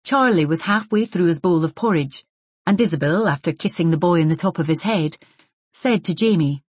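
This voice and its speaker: Low, husky woman narrating a novel. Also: expressive, moderate pace, no echo. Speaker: audiobook narrator. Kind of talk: scripted narration.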